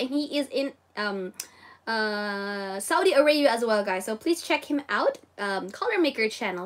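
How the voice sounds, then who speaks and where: A woman with a Filipino accent hosting a casual livestream Japanese lesson, bubbly and exclaiming often as she reads viewer comments. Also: high-pitched. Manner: bubbly, exclaims and giggles often, code-switches. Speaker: livestream host teaching Japanese.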